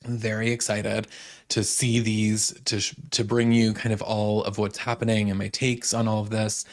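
Gravelly low-voiced man recapping chattily. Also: flat delivery, moderate pace. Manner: chatty, filler-heavy retelling with many "like"s. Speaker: podcast host. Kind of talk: casual solo podcast recap.

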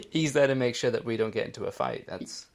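Gravelly, lively man. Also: medium pitch, moderate pace. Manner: teasing, laughs often. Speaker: podcast co-host. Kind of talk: casual chat.

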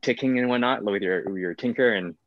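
A man's voice: lowish voice, brisk, no echo. A man, an actor, talking casually in an interview, rambling with many fillers. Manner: rambling, full of fillers like "like" and "whatnot". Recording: dull, lo-fi sound.

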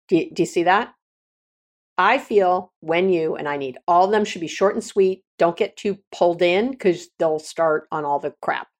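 Frank, lower-voiced middle-aged woman. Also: moderate pace. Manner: frank, repeats herself with restarts. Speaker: podcast host and counselor. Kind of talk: casual advice talk.

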